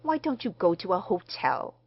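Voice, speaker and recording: A woman's voice: mid-range voice, big pitch swings, moderate pace, husky, dry recording, highs cut off. A woman reading the part of a stern middle-aged housewife who answers coldly and curtly. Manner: cold, curt, injured.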